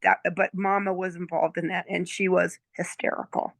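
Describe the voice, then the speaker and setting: Chatty grandmother in her sixties, gravelly. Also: lowish voice, little pitch movement, normal speed, no echo. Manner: chatty, checks in with "okay?" and "right?". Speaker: client giving a testimonial. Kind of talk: casual storytelling chat.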